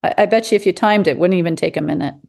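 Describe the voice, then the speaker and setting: A woman talks in a relaxed, conversational way about her work as a physician. She tells lively stories, acts out what people said and laughs easily. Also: fairly low pitch, racing, gravelly. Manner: animated storyteller, acts out quotes, laughs often. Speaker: physician guest. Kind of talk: casual conversation.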